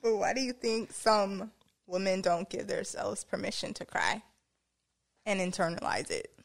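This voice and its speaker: A woman's voice: mid-range voice, expressive, a little slow, vocal fry. A woman hosting a podcast in casual chat, blunt and sassy with teasing asides. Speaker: podcast host.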